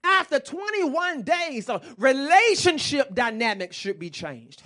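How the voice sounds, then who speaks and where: A man's voice: very high voice, big pitch swings, unhurried, pushed and bright. A man preaching a sermon with passion, calling out to the congregation.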